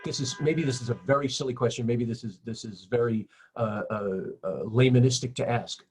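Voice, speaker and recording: A man's voice: mid-range voice, fairly quick, darkish tone, breathy edge. A man hosting an interview, asking his guest questions and often restarting and repeating words as he goes. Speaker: interview host.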